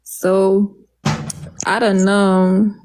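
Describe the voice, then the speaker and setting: A woman's voice: mid-range voice, level tone, extremely slow, darkish tone, soft background music. American woman on a live chat, laid back, kinda confused. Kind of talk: casual livestream chat.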